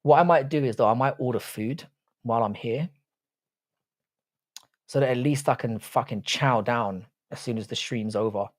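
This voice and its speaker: A man's voice: mid-range voice, normal speed, long pauses, dry recording, clean studio sound. A man hosting a live stream in casual chat, swearing freely and bantering with his viewers.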